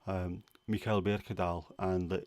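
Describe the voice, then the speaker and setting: Chatty Scouse man, low voice. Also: flat delivery, a little slow, a little mellow, dry recording. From Liverpool, England. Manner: rambling, chatty, many fillers. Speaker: livestream host. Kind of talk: casual chat answering viewers.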